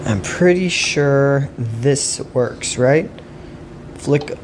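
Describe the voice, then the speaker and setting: A man's voice: medium pitch, very slow, background noise. A man casually chatting while he plays, laid-back and chuckling, talking to himself and his dog. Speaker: streamer. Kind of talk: casual gameplay chat.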